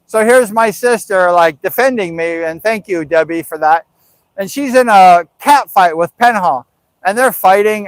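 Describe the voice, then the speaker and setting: Older male host, high-pitched voice, chatty rambling storyteller, dry close sound. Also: no room sound, poor audio. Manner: rambling, chatty, animated when quoting others. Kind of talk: casual storytelling.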